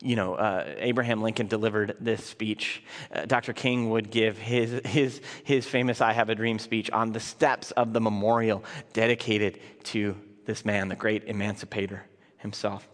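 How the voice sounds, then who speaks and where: A man's voice: fairly low pitch, steady tone, normal speed. A man delivering a sermon in a conversational, earnest way, often restarting his words. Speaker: pastor. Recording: long reverb of a large hall.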